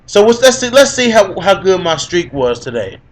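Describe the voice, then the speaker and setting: Young male podcast co-host, higher-pitched, boastful and teasing, loops his lines for emphasis. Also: sing-song, moderate pace. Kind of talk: gloating casual MMA commentary.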